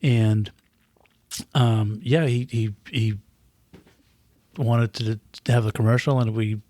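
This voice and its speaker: A man's voice: medium pitch, fairly even intonation, takes it slowly, dark tone, no echo. A man chatting casually on a podcast, rambling with many restarts and repeated words. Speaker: podcast guest. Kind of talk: casual chat. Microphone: podcast microphone close up.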